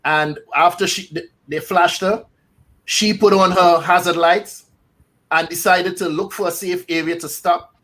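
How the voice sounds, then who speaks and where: A man's voice: high-pitched, steady tone, a little slow, a bit bright. A man co-hosting a casual online panel discussion, greeting viewers and reading out their comments in a playful way. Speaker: co-host.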